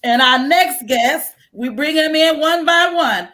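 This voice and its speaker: A woman hosting a live stream show over a video call, effusive and excited as she welcomes each guest. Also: sits high, measured pace, low-quality recording. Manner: excited, effusive, laughing and shouting greetings. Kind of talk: enthusiastic live stream introductions.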